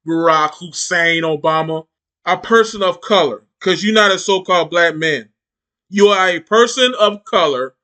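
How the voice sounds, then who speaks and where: A man's voice: high voice, normal speed, pushed and bright. A man hosting a reaction channel, giving heated, mocking commentary with lots of repetition.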